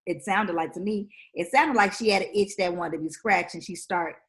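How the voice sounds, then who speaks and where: A woman co-hosting a casual recap chat, commenting in a measured, analytical way. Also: on the low side, fairly bright tone. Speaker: podcast co-host.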